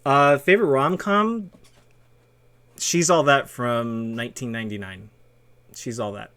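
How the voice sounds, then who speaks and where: A man's voice: medium pitch, measured pace, a bit bright, clean tone. A man hosting a casual streamer interview, rambling with many ums and laughing at himself. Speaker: streamer host.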